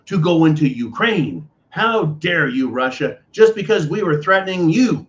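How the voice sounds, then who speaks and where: American guy ranting on his commentary show, sarcastic and worked up, kinda high voice, muffled lo-fi audio. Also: very animated, normal speed, hardly any pauses. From United States. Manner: indignant, sarcastic, keeps calling listeners folks. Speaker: political commentary host. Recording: dull lo-fi audio.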